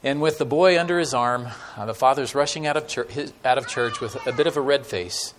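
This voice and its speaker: A guest preacher tells stories in his sermon to a church congregation, speaking conversationally with many fillers and dramatic pauses. His voice is mid-range, with slight background noise.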